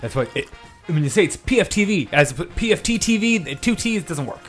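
A man co-hosting a podcast in casual chat, chiming in with quick, teasing remarks. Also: sits high, very animated, faint music behind. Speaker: podcast co-host.

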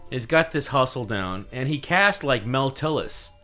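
A man chatting casually with a bright, forward voice. He tells long, rambling anecdotes and often stumbles, repeats words and trails off mid-thought. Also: medium pitch, lively intonation, a little slow, soft background music. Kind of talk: casual chat.

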